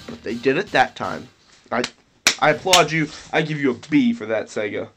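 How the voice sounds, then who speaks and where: A man's voice: medium pitch, expressive, normal speed, a bit bright, soft background music. A young man commenting on a video game he is playing, rambling and sarcastic, with sudden mock-dramatic outbursts. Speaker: let's play commentator. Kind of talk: gameplay commentary.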